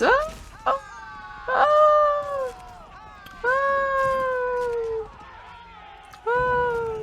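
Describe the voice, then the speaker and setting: A woman casting a live strategy game match with a playful, excitable, jokey manner, speaking into a handheld microphone. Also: fairly high pitch. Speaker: esports caster.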